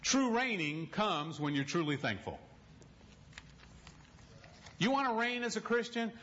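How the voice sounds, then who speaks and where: High-voiced preacher with direct, animated delivery. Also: male voice, unhurried, slight background noise. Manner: animated storytelling, direct, humorous asides. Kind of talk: sermon. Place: church. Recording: dull lo-fi recording.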